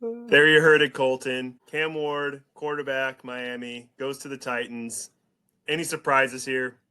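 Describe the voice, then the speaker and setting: A man hosting a casual sports podcast, excitable and hype-building, rambling a little as he talks. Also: medium pitch, unhurried, clear, resonant tone. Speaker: podcast host.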